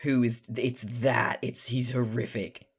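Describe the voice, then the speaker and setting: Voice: mid-range voice, little pitch movement, measured pace, gravelly, slightly rough. A young adult with a mild Australian accent chatting casually on a live stream while drawing, rambling and laughing often, with the odd swear.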